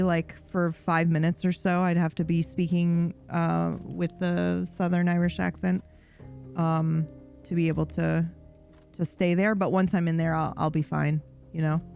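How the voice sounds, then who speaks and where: Woman, livestream chat, low voice, gravelly fry, rambling, profane, faint music behind. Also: a little mellow. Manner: rambling, profane, self-deprecating. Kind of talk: casual chat.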